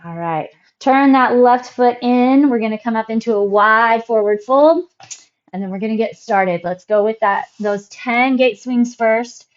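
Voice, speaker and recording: A woman fitness instructor calmly cueing moves and counting reps through a workout class. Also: a little high, measured pace, lo-fi sound. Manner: calm, encouraging cues and counting reps.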